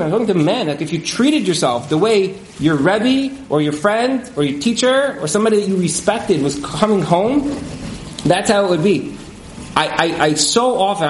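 Animated high-voiced man, roomy echo. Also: a little hiss or hum. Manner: animated, many fillers, acts out quoted couples. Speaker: marriage counselor. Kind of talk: casual interview talk.

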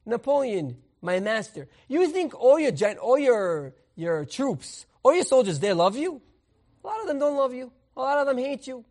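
A man teaching a Torah lesson as a rabbi, telling a parable in an animated way and mixing in Hebrew terms. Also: very high-pitched, normal speed.

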